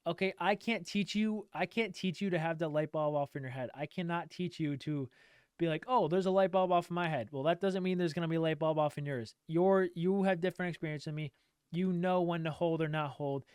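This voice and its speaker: Male trading streamer, emphatic and repetitive, resonant tone, somewhat high, dry close sound. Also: a little fast, a little mellow, clear, resonant tone, no echo. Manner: emphatic, repetitive, swears casually. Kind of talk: direct-to-camera rant.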